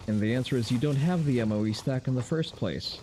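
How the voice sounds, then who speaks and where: A man's voice: medium pitch, quick pace, warm tone, a little hiss or hum. A man giving loose, profane gameplay commentary on a stream, with wry asides to his chat. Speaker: game streamer.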